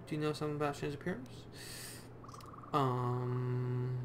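A man's voice: mid-range voice, fairly even intonation, a little slow, slight background noise. A young man giving goofy, sarcastic commentary while playing a video game and talking back to the characters. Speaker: let's play gamer. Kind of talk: casual gameplay commentary. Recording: commentary over game music.

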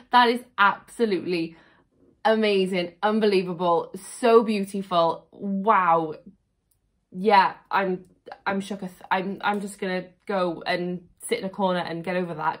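A woman vlogger chatting casually at home while unboxing, gushing and excitable, often repeating "really, really". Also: medium pitch, moderate pace.

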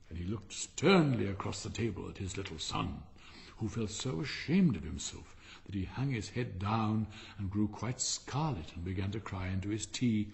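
A man's voice: fairly low pitch, animated, normal speed, gravelly. Man reading a storybook aloud. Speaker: audiobook narrator.

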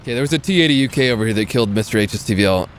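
A man's voice: medium pitch, expressive, rapid-fire, slight background noise. Wry Californian man streaming a game. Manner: wry, joking, laughs often. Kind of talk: casual live gameplay commentary.

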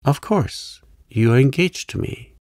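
A man reading a playful young gentleman. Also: medium pitch, expressive, unhurried, dry recording, studio quality, voice pushed up, lightly acted. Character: charming idle young gentleman artist, playful.

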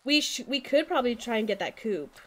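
A young adult woman chatting casually while streaming a co-op game, excitable, swearing and tripping over her words. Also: fairly high pitch, fairly quick. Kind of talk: casual co-op gaming chat.

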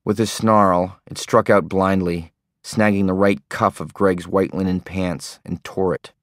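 An audiobook narrator with a very low voice delivers scripted narration a little slowly, in a calm, understated way. The sound is close and dry with no echo, like a quiet studio booth.

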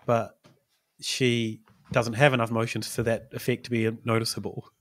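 A man's voice: medium pitch, little pitch movement, normal speed. A man, a podcast host rambling through stories with small chuckles. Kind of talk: casual chat.

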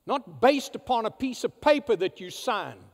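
A male pastor preaching a sermon, swinging from loud emphatic declarations to hushed, quiet asides. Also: very high voice, very animated, normal speed. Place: church sanctuary. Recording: church hall reverb.

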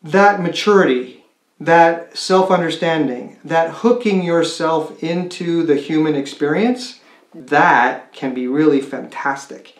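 A man's voice: fairly high pitch, slow. A man working as a college admissions counselor, explaining to students in a conversational way with rhetorical questions. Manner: conversational, with many restarts and rhetorical "right?". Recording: roomy echo.

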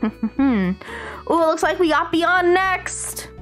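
A woman's voice: extremely high pitch, expressive, very slow, faint music behind. A woman hosting a casual live stream, chatting in a bubbly, gushing way with lots of slang. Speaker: streamer host.

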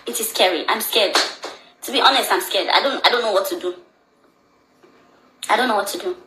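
A woman's voice: medium pitch, brisk, roomy sound, background noise. A young Nigerian woman with a Nigerian accent talks anxiously in a social media video, repeating her phrases again and again.

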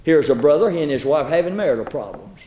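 A man preaching a folksy sermon. He tells stories, repeats words and draws some phrases out slowly. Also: fairly high pitch, expressive, mellow, a little hiss or hum. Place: church lecture hall. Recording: echoey hall.

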